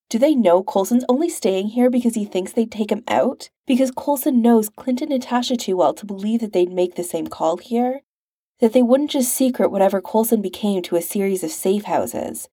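A woman reads a story aloud in a wry, expressive narrating style. Her voice is warm and dark, recorded close and dry. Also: mid-range voice, dry recording. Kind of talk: reading fan fiction aloud.

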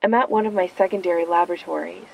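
A woman voicing an anxious, self-blaming male scientist calling on the phone, clipped and urgent, with a low, creaky voice. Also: steady tone, fast talker, dull audio.

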